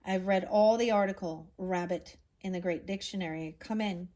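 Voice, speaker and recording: A woman's voice: mid-range voice, fairly even intonation, normal speed, warm tone, lightly acted. A woman reading aloud as an absent-minded old male professor, cheerful and rambling.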